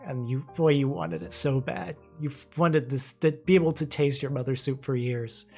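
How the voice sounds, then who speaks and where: A man's voice: mid-range voice, a little mellow, slightly rough, soft background music. Laid-back male game master. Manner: quick stuttering restarts, laid-back and profane. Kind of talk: narrating a tabletop game.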